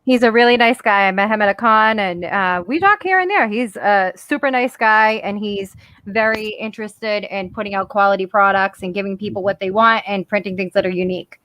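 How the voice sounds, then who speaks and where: A woman's voice: medium pitch, brisk, fairly bright tone, dry recording. Female podcast host, casual and talkative, dry close-miked sound. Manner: chatty, repeats herself, friendly questions. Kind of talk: casual interview chat.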